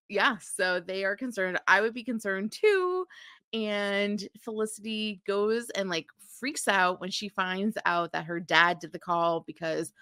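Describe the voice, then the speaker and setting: A woman's voice: mid-range voice, bright, forceful tone, clean tone, no room sound, studio quality. A woman co-hosting a podcast, casually recapping a TV episode in a blunt, sweary way and mimicking the characters. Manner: blunt, sweary, acts out characters in mocking voices. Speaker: podcast co-host.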